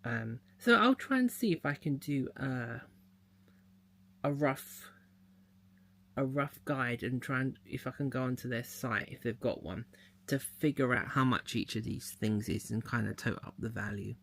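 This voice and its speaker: A man's voice: medium pitch, lively intonation, normal speed, vocal fry, fairly bright tone. A man chatting casually as he unboxes a mystery box, thinking aloud as he handles the packaging. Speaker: unboxing vlogger.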